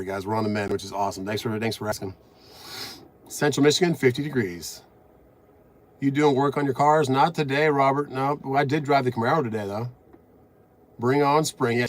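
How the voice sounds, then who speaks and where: A middle-aged man in his truck cab, live-streaming from a phone on the dash, chatting casually and greeting viewers, a bit out of breath. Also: mid-range voice. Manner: reads out viewer comments, upbeat and chatty.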